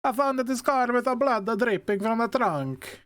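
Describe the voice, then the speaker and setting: A man puts on a goofy cop with a heavy, overdone Italian accent, pushed far up in pitch and swinging through a wide, lively range. Every line comes out hammy and exaggerated, like a comic video game character. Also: measured pace, heavily acted. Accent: put-on heavy Italian. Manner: hammy, high and exaggerated, food puns. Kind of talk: reading game dialogue aloud in a voice.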